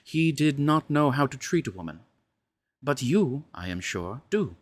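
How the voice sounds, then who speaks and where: A man voicing a husky, seductive noblewoman. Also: mid-range voice, very animated, no echo, pitched above the performer's own voice. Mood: intimate, pleading. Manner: formal, measured speech. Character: seductive aristocratic woman, frank and intimate.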